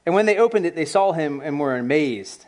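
A man with a fairly high voice giving a relaxed, lively sermon. He talks casually with lots of filler words and often turns to the congregation with questions. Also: a little fast. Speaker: pastor. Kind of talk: conversational sermon.

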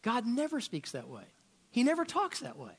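A man's voice: very high voice, huge pitch swings, normal speed, slightly rough. A man preaching a sermon as a pastor, firing off rhetorical questions and often repeating words as he searches for the next thought.

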